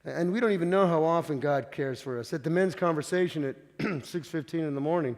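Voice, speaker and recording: A man preaching a conversational sermon, with frequent stumbling repeats, swinging between loud and hushed. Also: a little high, a little fast, long reverb tail. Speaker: pastor.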